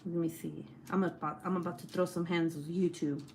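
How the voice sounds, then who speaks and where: A woman's voice: on the low side, steady tone, fairly quick, darkish tone, a little hiss or hum. A young woman hosting a casual livestream, chatting and laughing often as she reads the chat aloud, swearing freely. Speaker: livestream host.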